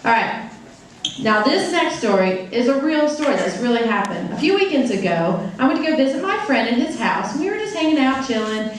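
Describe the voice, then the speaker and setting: A high, lively woman's voice tells a story on stage, voicing a deaf performer for the crowd. She is playful and animated. The sound is very echoey and comes from a distance, with a faint hiss behind it. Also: fairly quick. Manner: animated, playful, acts out quoted characters. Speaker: sign language interpreter voicing a deaf storyteller. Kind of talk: live stage storytelling and audience games. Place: large room before a live audience. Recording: very echoey hall, picked up from afar.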